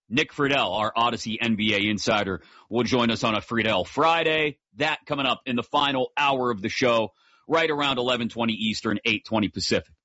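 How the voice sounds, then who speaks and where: A bright, forceful male voice hosting live sports talk radio, energetic and full of quick jokey asides. The sound is dry and close on a studio mic, with slightly dull broadcast audio. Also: medium pitch, dry recording.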